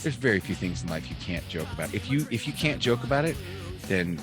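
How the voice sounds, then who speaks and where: Lively low-voiced man telling jokes. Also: brisk, over music. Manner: animated storyteller, acts out characters in jokes. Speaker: podcast host. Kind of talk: casual chat, telling jokes. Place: home, remote video call. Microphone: own mic on a video call.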